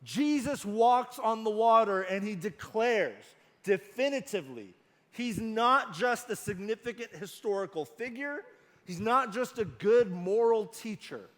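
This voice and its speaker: Male pastor, sermon, high voice, slow and emphatic, reverberant hall sound. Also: lively intonation, a bit bright. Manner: earnest, emphatic, slows down on key phrases.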